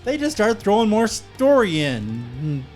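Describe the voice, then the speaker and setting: A man co-hosting a movie review podcast, chatting in a joking, relaxed way with plenty of "uh"s. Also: high-pitched, a little slow, loud music behind the voice. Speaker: podcast co-host, film reviewer.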